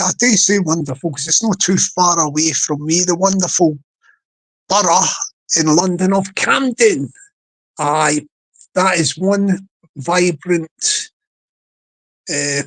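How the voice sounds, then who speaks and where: A man's voice: sits high, rough recording. A man hosting a casual livestream, rambling with many restarts and repeated words and chuckling often. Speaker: livestream host.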